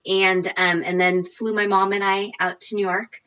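A woman in her forties telling a lively story as an interview guest, acting out quotes with big jumps in her voice. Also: normal speed, clear, resonant tone, muffled recording. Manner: animated, acts out quotes with big pitch jumps. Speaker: guest, recipe blogger.

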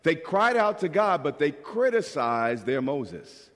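A man's voice: fairly high pitch, takes it slowly. A man preaching a sermon as pastor, asking the congregation questions and acting out the voices he quotes. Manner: animated, acts out quoted voices. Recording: long hall reverb.

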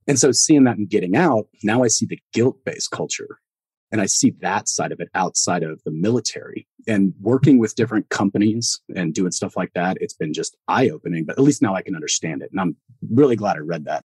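Husky-voiced former soldier telling stories. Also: male voice, sits low, quick pace, no room sound. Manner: animated storyteller who acts out quoted voices and laughs often. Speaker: podcast guest, former Army Green Beret. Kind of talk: casual storytelling conversation.

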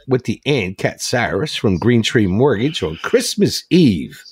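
A man's voice: mid-range voice, big pitch swings, measured pace, hardly any pauses, a little mellow, slight background noise. A man hosting a talk show, telling a long sentimental story in an earnest, rambling way. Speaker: radio show host.

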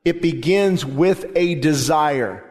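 A man preaching a sermon as pastor, with a fervent delivery in a church service that swells to loud, emphatic declarations. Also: a little high, slow pace. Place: church sanctuary during a service.

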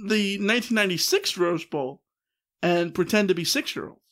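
A man in his thirties co-hosting a casual podcast, talking quickly and filling pauses with "uh.". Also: high-pitched, a bit bright. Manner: quick, chatty, with many "uh" fillers. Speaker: podcast co-host.

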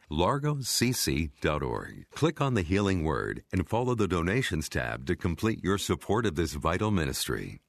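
A man reading a scripted ministry announcement in a smooth, measured way. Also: deep voice, no echo, studio quality.

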